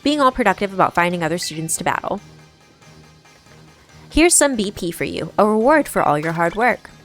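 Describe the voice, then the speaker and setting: A woman's voice: mid-range voice, big pitch swings, normal speed, fairly bright tone, faint music behind. A woman voicing a friendly school guidance counselor as she reads game dialogue aloud in a cheery, encouraging way.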